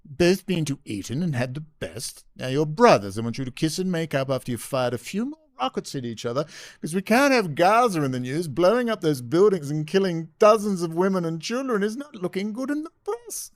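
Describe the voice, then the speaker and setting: Man plays a condescending upper-crust elder, plummy and fussy, pitched up, dry sound. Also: big pitch swings, fairly quick, dry recording. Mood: scolding. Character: pompous posh male elder statesman scolding.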